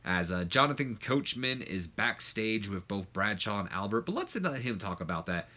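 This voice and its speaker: Man, casual game commentary, low pitch, bright voice, rambling. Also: very animated, normal speed, few pauses. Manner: rambling, many fillers. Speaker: gameplay commentator.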